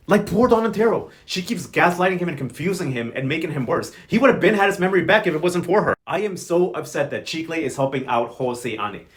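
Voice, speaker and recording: A fast, animated man recapping a story as a host. His pitch sits a little high and he talks with sass and exaggerated quoted voices. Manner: sassy, animated, quick quoting with exaggerated voices. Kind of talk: casual commentary.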